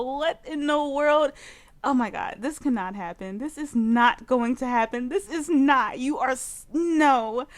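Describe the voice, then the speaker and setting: A woman with a high voice commenting on her own gameplay in a let's play. She is excitable and full of exclamations, with "like" in nearly every sentence. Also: a little slow. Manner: excitable, exclaiming, heavy use of "like". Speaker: gaming channel host.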